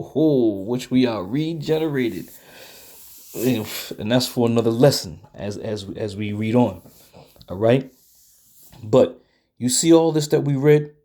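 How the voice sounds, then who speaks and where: A man teaching a Bible study lesson in a deliberate way, often pausing to check in with his listeners. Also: medium pitch, dark tone.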